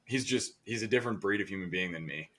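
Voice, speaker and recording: A young man with a somewhat low voice co-hosts a podcast in easygoing conversation. He rambles through his stories and leans on fillers like "like" and "you know.". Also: fast talker, fairly bright tone. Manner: rambling, filler-heavy, lots of "like". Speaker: podcast co-host. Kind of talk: casual chat.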